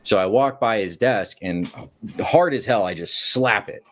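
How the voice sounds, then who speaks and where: A man with a fairly low voice tells a long story casually as a caller on a talk show. He acts out each quoted line with its own shifting voice and keeps the story moving. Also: moderate pace, fairly bright tone, a little hiss or hum.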